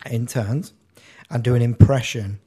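A man's voice: mid-range voice, steady tone, unhurried, mellow, husky. A man hosting a casual podcast, explaining the game rules and teasing his co-hosts. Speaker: podcast host.

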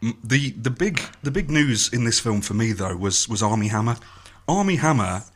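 A man's voice: mid-range voice, expressive, normal speed, slight background noise. A man co-hosting a podcast, giving wry, opinionated takes on films in casual chat. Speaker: podcast co-host. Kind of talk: casual film review chat.

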